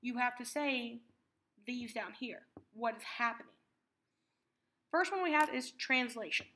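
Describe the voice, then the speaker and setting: Bright-voiced woman teaching math. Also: on the high side, a little hiss or hum. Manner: patient, repeats key terms slowly. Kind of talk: classroom lesson explanation.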